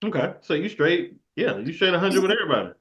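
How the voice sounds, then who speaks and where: A man's voice: high voice, sing-song, quick pace, fairly bright tone, slight background noise. A man hosting a podcast, talking in a laid-back, agreeable and slangy way. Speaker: podcast host. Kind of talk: casual interview talk. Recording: dull lo-fi sound.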